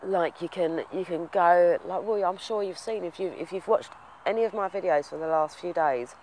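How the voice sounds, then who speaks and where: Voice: medium pitch, moderate pace, a little mellow, slight background noise. A vlogger telling a story to camera in a heartfelt, rambling way. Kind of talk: casual storytelling vlog.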